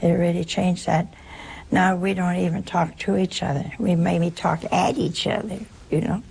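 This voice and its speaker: A woman gives an informal spiritual talk, her voice gravelly and deeply husky, with a lot of rough grain. She keeps it chatty and humorous and acts out snippets of dialogue as she goes. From United States.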